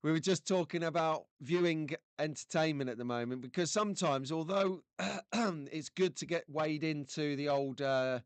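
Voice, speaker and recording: A man's voice: fairly high pitch, normal speed, clear, resonant tone, no echo. A man from England hosting a casual live stream, chatty and jokey, greeting viewers by name.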